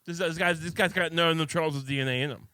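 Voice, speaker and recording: A man, a podcast guest, speaking in a halting, deadpan, self-deprecating way in casual comedic banter. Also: a little high, smooth, no room sound, studio quality.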